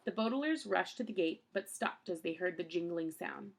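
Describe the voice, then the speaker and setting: A woman's voice: fairly low pitch, lively intonation, normal speed. A woman reading a children's novel aloud in a plain storytelling voice, with a few small slips. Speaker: audiobook reader.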